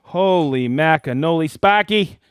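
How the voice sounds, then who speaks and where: A man hosting a live stream in a casual, excited way, calling out viewers by name and hometown. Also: fairly high pitch, a little slow, clean tone, no room sound, clean studio sound. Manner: excited, animated, reading viewer shout-outs. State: worked up and dusty after a demo. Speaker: host of a live product show.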